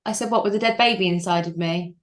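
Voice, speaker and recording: A woman's voice: lowish voice, fast. A woman, an interview guest telling her own story frankly and emotionally, with flashes of dry humour and tears at times. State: crying at times. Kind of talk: candid personal storytelling.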